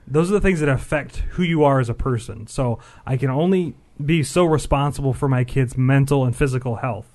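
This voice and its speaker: Fast-talking casual man. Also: mid-range voice, a little mellow. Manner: quick, rambling, casual swearing. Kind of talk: casual chat.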